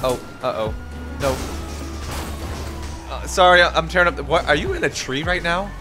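Excitable young man, high voice. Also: moderate pace. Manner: shouts and yelps during chases. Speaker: gaming YouTuber. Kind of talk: excited gameplay commentary. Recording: game music behind.

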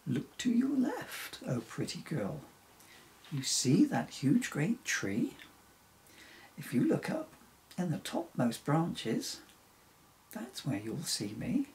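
A man's voice: on the high side, huge pitch swings, slow, vocal fry, pauses often, a little mellow, a little hiss or hum, full character voice. A man voicing a polite, clumsy young male reindeer in a children's story-poem, apologetic and sheepish. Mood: calling out.

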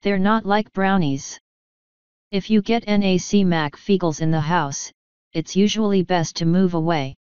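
A woman's voice: lowish voice, a little slow, darkish tone, smooth, dry recording, dull audio, lightly acted. A woman reading the part of a gloomy, grumbling male talking toad in a storybook. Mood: mournful. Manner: mournful, grumbling.

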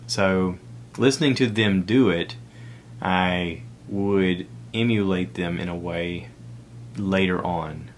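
A man's voice: low voice, slow pace, slight background noise. A middle-aged man with a Southern American accent, hosting a solo podcast in a rambling, conversational way with self-deprecating asides. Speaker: podcast host. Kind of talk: casual solo podcast talk.

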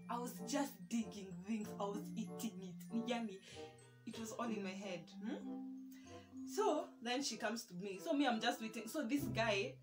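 A young Kenyan woman with a Kenyan accent telling a storytime vlog, chatty and self-mocking, dropping Swahili words into her English. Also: fairly high pitch. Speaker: vlogger. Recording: music playing underneath.

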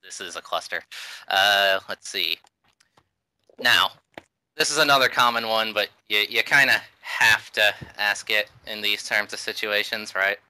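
A man's voice: on the low side, measured pace, pushed and bright, clean tone, no room sound, poor audio. A man hosting a podcast interview, laid-back and laughing, with lots of fillers. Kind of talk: casual interview chat.

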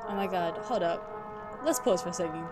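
A woman's voice: fairly low pitch, brisk. A woman streaming a game, talking through it in a jumpy, panicky way, swearing and chatting with her viewers. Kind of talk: live gameplay commentary. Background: game music.

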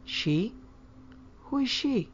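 A fretful, proper mother frets and gently scolds, as a woman narrator puts her on. Her voice has a gravelly edge. The recording sounds dull and lo-fi. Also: low voice, normal speed. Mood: alarmed.

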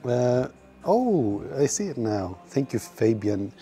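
A man's voice: medium pitch, very animated, slow, dark tone, faint music behind. A man livestreaming from the gym, chatting casually with viewers in a profane, self-mocking way. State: out of breath at times. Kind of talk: casual livestream chat while working out.

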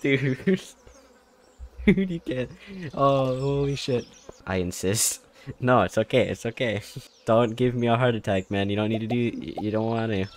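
A man's voice: medium pitch, unhurried. Young man streamer talking to chat. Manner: mumbles to himself, then shouts and laughs when surprised. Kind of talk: casual gameplay livestream chat.

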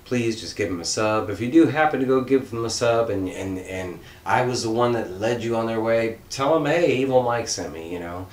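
Deep-voiced man rambling in a roomy echo. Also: normal speed, hardly any pauses. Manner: rambling and earnest, many fillers and restarts. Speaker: comics channel host. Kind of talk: casual vlog shoutout. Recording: roomy echo with faint rumble.

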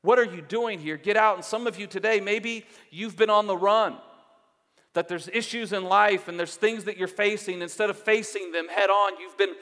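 Earnest higher-voiced male pastor preaching. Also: steady tone, normal speed, bright, forceful tone, in a large hall. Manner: earnest, exhorting, repeating phrases for emphasis. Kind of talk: sermon. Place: church sanctuary.

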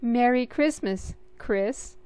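A woman's voice: a little high, animated, slow, mellow, no room sound. A woman doing an earnest young girl. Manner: earnest, exclaiming. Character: spirited young girl, caring for her brother.

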